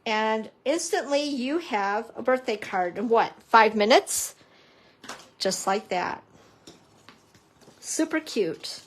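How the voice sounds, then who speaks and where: A woman's voice: a little high, expressive, slow, pauses often. A woman papercrafting instructor chatting through a casual live-stream craft demo, playful and self-mocking with joking asides.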